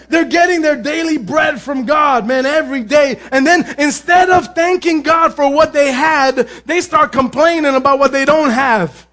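A male pastor preaching a lively, humorous sermon, calling out to the congregation, acting out biblical characters and mixing in Spanish phrases. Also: extremely high pitch. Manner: lively preaching with jokes and call-outs to the congregation; acts out biblical characters' voices. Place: church.

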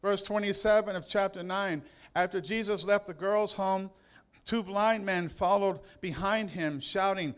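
A male pastor preaching a sermon in church, retelling Bible passages with emphatic, drawn-out stresses and touches of humor. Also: high voice, a bit bright, smooth.

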